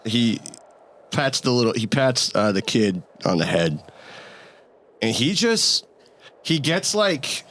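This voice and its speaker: A man's voice: medium pitch, big pitch swings, takes it slowly, pauses often, a bit bright. A man playing a tabletop game, talking in a laid-back, joking way. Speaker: player. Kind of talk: casual tabletop play.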